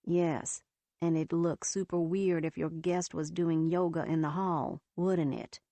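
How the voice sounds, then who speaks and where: A woman voicing a calm young female friend who teases in a dry, unhurried way. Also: lowish voice, no room sound. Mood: teasing.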